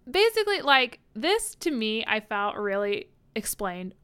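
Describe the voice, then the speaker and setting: A young woman co-hosting a podcast, chatting casually about a book, animated and laughing, swearing freely. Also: fairly high pitch, unhurried, smooth. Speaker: podcast co-host. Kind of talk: casual book discussion chat.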